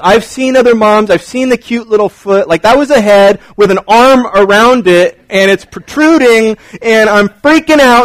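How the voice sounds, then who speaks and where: A man's voice: very high voice, no echo, low-quality recording. A man preaching a sermon as a pastor, joking and acting out scenes as he talks. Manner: animated, joking, acts out scenes.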